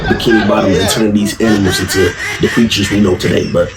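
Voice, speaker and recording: A young man doing comedic commentary in an animated, slangy way, often asking "you know what I'm saying". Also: fairly low pitch, quick pace. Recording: music playing under the voice.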